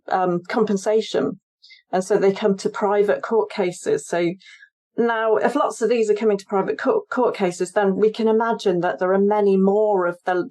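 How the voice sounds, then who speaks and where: On a podcast, a female author and historian chats about her research and laughs easily, her mid-range voice carrying a darkish tone.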